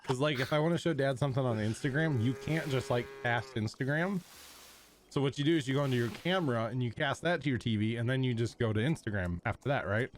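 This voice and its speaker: A man hosts a game stream in a casual, joking manner. He is a bit sick, though his talk stays relaxed and self-amused. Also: mid-range voice, fast talker, a little hiss or hum. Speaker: streamer and host.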